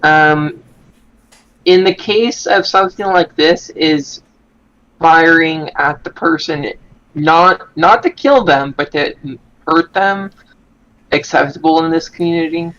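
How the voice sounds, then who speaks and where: Slow hesitant guy player, kinda muffled lo-fi mic. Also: a little high, fairly bright tone. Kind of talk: casual tabletop play.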